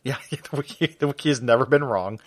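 A man's voice: mid-range voice, fast, no echo, clean studio sound. A man co-hosting a podcast in casual chat, tired and goofy, now and then breaking into silly singing. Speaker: podcast co-host.

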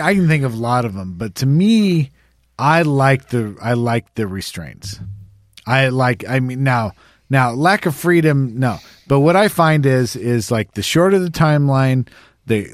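A man's voice: mid-range voice, animated, moderate pace, dry recording, studio quality. A man co-hosting a podcast in casual chat, loose and profane, often restarting his sentences. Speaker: podcast co-host.

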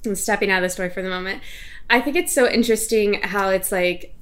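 A woman co-hosting a casual talk show, reading stories aloud and chatting about them, laughing often and filling pauses with likes and ums. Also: medium pitch. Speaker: podcast co-host.

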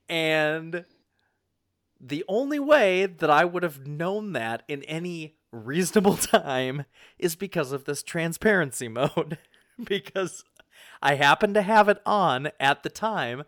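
Casual male storyteller, expressive and profane, pitch leaping around, dry close sound. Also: slow pace, no echo. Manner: animated, swears freely, lots of fillers and restarts. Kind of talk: casual anecdote.

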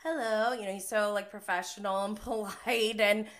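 A woman with a bright, crisp edge to her voice hosts a casual reality TV recap. She rambles in a loose, conversational way, full of "like" and quick laughs. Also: mid-range voice, level tone. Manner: chatty, heavy use of "like", often laughing. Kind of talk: casual live-stream recap commentary.

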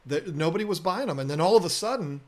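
A podcast host who owns an aquarium business tells stories in a casual, earnest, self-deprecating conversation. His voice is a little high, with lively intonation and a fast pace, and he often repeats words as he restarts.

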